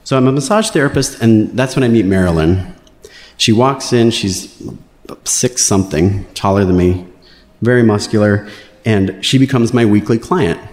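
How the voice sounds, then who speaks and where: A man's voice: on the low side, moderate pace. Wry male storyteller in an echoing hall. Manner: wry, animated, playing quotes in raised voices. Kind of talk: live personal storytelling. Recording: roomy hall reverb.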